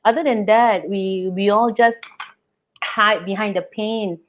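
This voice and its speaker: A woman's voice: mid-range voice, fairly even intonation, measured pace. Woman host on dull lo-fi sound. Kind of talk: casual chat.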